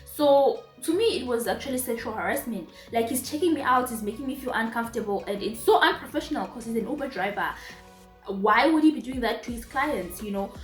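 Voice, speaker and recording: A young Zimbabwean woman telling a storytime vlog casually, with animated, emphatic repetitions. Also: a little high, brisk. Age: young adult. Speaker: vlogger. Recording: roomy echo, faint music.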